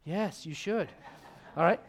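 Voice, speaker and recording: A man with a notably high voice preaches a sermon, pressing his points with emphatic rhetorical questions. He speaks as a pastor addressing his congregation. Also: measured pace. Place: church service before a congregation.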